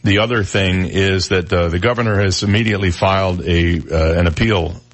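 A man's voice: sits low, steady tone, normal speed. A man hosting a talk radio show, chatting casually and reading news stories with wry, joking asides.

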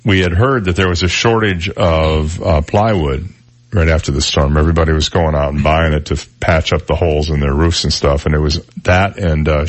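Low-voiced radio host, dry studio sound. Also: male voice, dry recording. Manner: chatty, tells jokes, teases co-hosts. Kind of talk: casual morning radio chat. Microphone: studio microphone.

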